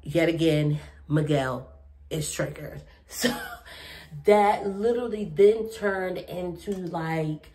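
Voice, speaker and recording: Low-voiced woman chatting through a recap. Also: slow pace. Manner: slangy, chatty, expressive. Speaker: reality TV recap host. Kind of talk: casual episode recap and reaction.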